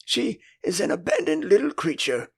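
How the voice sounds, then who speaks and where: A man's voice: sits high, big pitch swings, normal speed, gravelly, breathy edge, pitched above the performer's own voice, heavily acted. An older man with an English accent voicing a prim, earnest, motherly young girl in an audiobook. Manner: prim, emphatic. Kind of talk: audiobook character voice.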